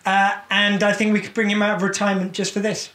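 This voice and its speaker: A man's voice: sits high, monotone, fast talker, bright, forceful tone. Rambling man in an echoey room. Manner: rambling, self-amused. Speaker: quiz contestant. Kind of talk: casual chat.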